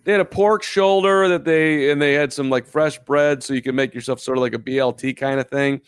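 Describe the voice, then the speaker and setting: A man's voice: mid-range voice, steady tone, brisk, smooth. A man co-hosting a live baseball podcast, telling stories in a rambling way and repeating himself. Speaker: podcast co-host. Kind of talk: casual live podcast chat.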